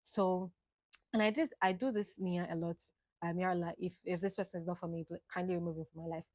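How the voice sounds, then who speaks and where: A woman, musing aloud in an unhurried reflective monologue. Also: on the low side, steady tone, darkish tone, no echo. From Ghana. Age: late 20s. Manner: musing, unhurried, drifts between thoughts. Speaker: vlogger.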